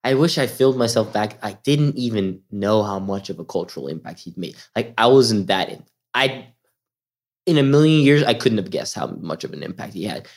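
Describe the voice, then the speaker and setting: Young Swedish-raised man telling animated stories. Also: on the low side, moderate pace. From Sweden. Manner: animated storyteller, acts out voices in quoted lines. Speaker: podcast guest. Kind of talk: casual storytelling.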